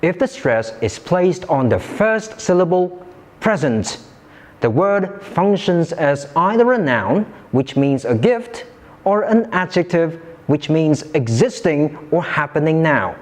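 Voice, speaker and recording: A man teaching English pronunciation in a slow, careful, clearly articulated scripted lesson. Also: on the high side, expressive.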